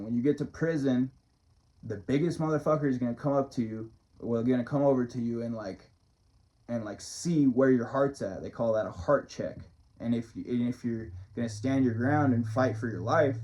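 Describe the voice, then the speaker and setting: A man's voice: mid-range voice, warm tone, dull audio. A man rambling casually into the camera as a motivational vlogger, swearing freely and chuckling as he talks. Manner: loose, profane, chuckling often.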